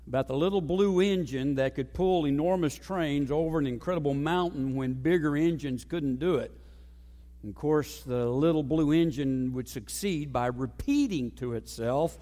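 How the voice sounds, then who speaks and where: A male pastor delivering a sermon, with dynamic preaching that swings between loud emphasis and soft low asides. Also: expressive, moderate pace. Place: church sanctuary. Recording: long reverb of a large hall.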